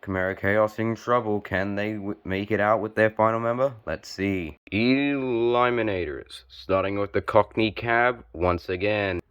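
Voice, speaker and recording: A young man giving play-by-play commentary on a toy car joust, calm and measured with sudden excited spikes on big hits. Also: fairly low pitch, smooth.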